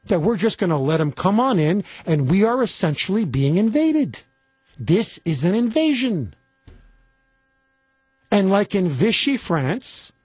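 A man hosts a talk radio show in an indignant, emphatic rant. His voice sits high and swoops widely, with a husky edge, recorded dry and close on a studio mic. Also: no echo. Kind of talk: political talk radio monologue. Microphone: studio microphone.

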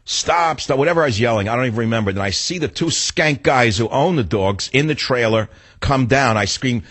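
Blunt new guy ranting through a story, husky voice, dry close sound. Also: mid-range voice, lively intonation, fairly quick, a bit bright, no echo. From New York. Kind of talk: opinionated storytelling monologue.

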